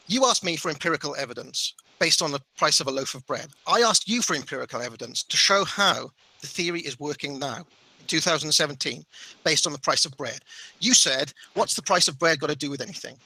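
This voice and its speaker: A man sounds exasperated. He stammers, restarts and keeps cutting in, and his voice is very bright and tense, sitting a little above the usual male pitch. The sound is close and dry, with no room, as on a video call. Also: animated, brisk, husky, no echo, poor audio. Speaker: debater. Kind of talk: heated debate on an online call.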